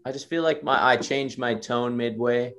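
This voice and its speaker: A man's voice: medium pitch, steady tone, moderate pace, a bit bright. A man co-hosting a podcast, reading dramatic trailer narration and chatting casually, stumbling over words and laughing at his own slips. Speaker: podcast co-host.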